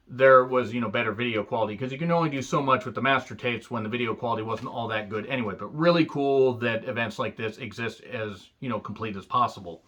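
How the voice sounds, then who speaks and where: A man from the United States talks through a casual review with a bright, forceful voice. He is blunt and profane and drops sarcastic asides. His pitch sits in an ordinary middle range for a man. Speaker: wrestling show reviewer.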